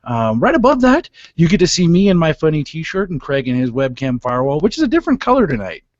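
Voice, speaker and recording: Man, radio host, jokey and casual, raised pitch, dry studio sound. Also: big pitch swings, no echo, dull audio. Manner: jokey, laughing, fast ad reads.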